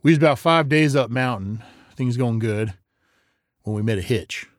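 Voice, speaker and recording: Man playing a panicked frontier boy, rural Old West drawl, high frantic voice, dry close sound. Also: moderate pace, dry recording, natural voice. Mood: shaken, rambling.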